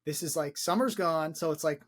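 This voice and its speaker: A man's voice: on the high side, a little fast. A young man co-hosting a film podcast, talking enthusiastically in a rambling way, repeating words and swearing freely. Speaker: podcast co-host. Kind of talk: casual film discussion.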